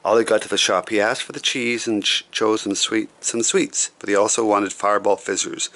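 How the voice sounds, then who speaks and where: A man reading a children's picture book aloud, relaxed and adding chatty asides. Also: fairly low pitch, normal speed, few pauses.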